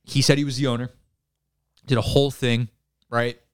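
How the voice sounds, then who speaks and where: Profane, animated man. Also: mid-range voice, moderate pace, clean tone, no echo, clean studio sound. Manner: profane, animated storytelling with acted-out quotes. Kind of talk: casual storytelling chat. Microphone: handheld mic.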